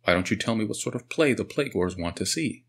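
A man's voice: lowish voice, lively intonation, brisk, breathy edge. A man reading the lines of a cynical, sarcastic male theater manager in an audiobook, in a challenging, needling tone.

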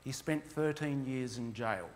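A man's voice: mid-range voice, a little slow. A man telling heartfelt stories while presenting his mission work to a church. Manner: earnest, heartfelt storytelling. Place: church hall. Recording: long reverb of a hall.

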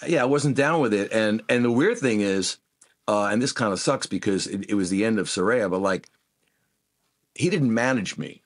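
A man being interviewed as a guest guitarist, telling animated anecdotes and acting out what people said. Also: fairly low pitch, moderate pace. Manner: animated anecdotes, acts out quoted voices. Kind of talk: casual interview storytelling.

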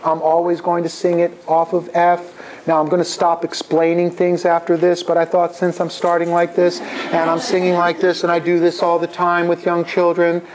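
A middle-aged man teaching a hands-on music workshop, his voice sitting a little higher than most men's. He talks in an animated way and breaks into sung chants to demonstrate. A faint hiss of noise hangs under his voice in the room. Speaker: music education professor leading a workshop. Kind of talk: interactive workshop talk with singing.

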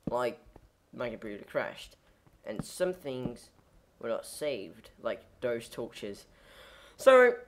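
Rambling low-voiced woman gaming. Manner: rambling, goofy, self-correcting, lots of fillers. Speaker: gameplay commentator. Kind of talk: casual let's-play commentary.

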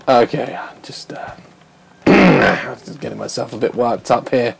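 A man's voice: medium pitch, measured pace, creaky, noisy background. A man commentating a horror game, jumpy, swearing a lot and laughing nervously. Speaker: gamer.

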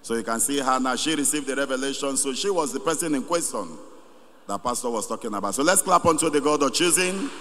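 A man leading a congregation in a church, brisk and declamatory. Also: medium pitch, animated, fairly bright tone. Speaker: church minister. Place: large church hall. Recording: echoey hall with faint noise.

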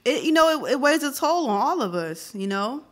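A woman's voice: high voice, big pitch swings, moderate pace. A woman co-hosting a podcast in casual chat, outspoken and emphatic. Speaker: podcast co-host.

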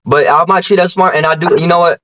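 Fast and fairly even in intonation, this slightly high, somewhat bright male voice belongs to a YouTuber calling out a streamer on video. He trades boasts and rhyming brags with his rival, frequently tripping over his words and restarting.

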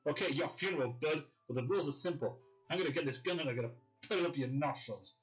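A man's voice: fairly high pitch, quick pace, faint music behind, pitched above the performer's own voice, lightly acted, low-quality recording. Yorkshire man reading a swearing, swaggering game boy-gang leader, crude and cocky. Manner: crude, swearing, mock-menacing.

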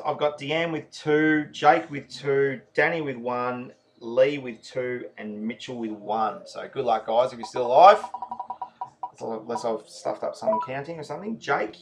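An easygoing man runs a casual raffle draw, calling names one after another in a relaxed, chatty way. His voice sits at an ordinary middle pitch. Clear background noise runs under the recording. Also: a little slow. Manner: chatty, apologetic, laid-back, calls names one by one. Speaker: raffle host. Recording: noisy home recording.

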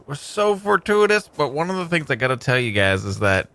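A man hosting a gaming channel, giving chatty, excitable let's-play commentary that keeps bursting into high squeals. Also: a little fast.

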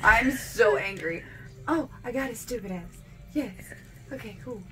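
A woman's voice: on the high side, lively intonation, a little slow, music in the background. A woman playing a video game on camera, frustrated, swearing and laughing at herself. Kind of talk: casual vlog chat while gaming.

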